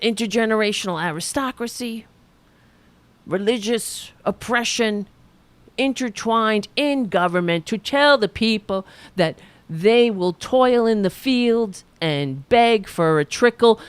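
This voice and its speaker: A woman's voice: medium pitch, dry recording. Sardonic woman comedy host. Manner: sardonic, lecturing. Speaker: podcast host. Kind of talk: political comedy commentary.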